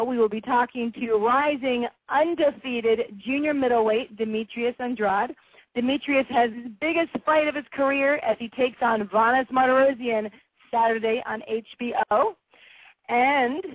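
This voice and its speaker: A woman hosting a boxing radio show, effusive and quick to laugh. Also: fairly high pitch, no echo. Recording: tinny phone-like line, dry.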